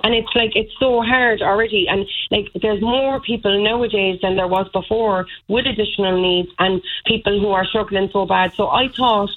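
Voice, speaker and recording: A woman's voice: mid-range voice, steady tone, moderate pace, few pauses. Upset woman on a tinny phone line. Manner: upset, emphatic, many fillers. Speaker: caller. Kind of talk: phone-in complaint.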